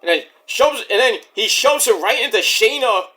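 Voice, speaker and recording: A man with a high, bright, forceful voice rambles through a wrestling recap. His pitch swings widely as he jumps between retelling and crude side comments. It has the loose, unscripted feel of a casual vlog. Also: moderate pace. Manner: animated, rambling, profane asides. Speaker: wrestling show reviewer.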